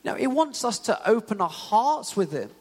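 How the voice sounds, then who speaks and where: A man's voice: sits high, moderate pace, slightly rough. A young man preaching a sermon in a casual, storytelling way, full of "you know" fillers. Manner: conversational, animated storytelling with many fillers. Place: church hall. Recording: long church hall reverb.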